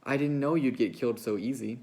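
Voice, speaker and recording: A man reading a novel aloud, voicing a big, slow-witted, childlike ranch hand who talks in a plaintive, pleading way. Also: medium pitch, creaky, darkish tone, pitched above the performer's own voice, close to an everyday voice. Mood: sullen.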